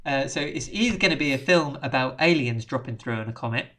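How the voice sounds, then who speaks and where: A man rambles through a movie plot on a chatty podcast, jokey and animated as he retells the scenes. His voice sits at an ordinary mid pitch for a man. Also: fast talker. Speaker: podcast host. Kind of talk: casual film recap chat.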